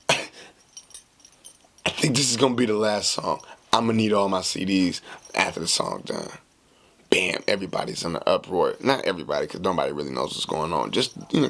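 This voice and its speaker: A man with a gravelly, fairly low voice tells a story on his podcast. His pitch swings widely as he acts out the other people's lines in a slangy, casual way. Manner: animated, slangy, acts out dialogue. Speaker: podcast host.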